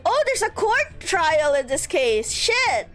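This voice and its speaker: A woman streaming a game, with a high voice that swings widely as she reads lines and jokes between them. Her talk is lively and giggly, with faint game music playing behind her. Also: takes it slowly. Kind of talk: game playthrough, reading dialogue aloud.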